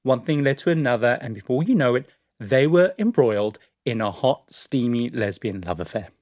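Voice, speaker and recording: A man's voice: mid-range voice, animated, moderate pace, darkish tone, dry recording, clean studio sound. A man co-hosting a podcast, telling a story in a casual, chatty way with lots of fillers and laughs. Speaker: podcast co-host.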